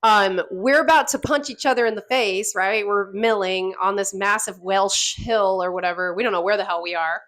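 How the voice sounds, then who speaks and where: A woman in her thirties, a guest on a podcast, telling a story in a lively casual way, laughing often and acting out quotes. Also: mid-range voice, moderate pace, hardly any pauses.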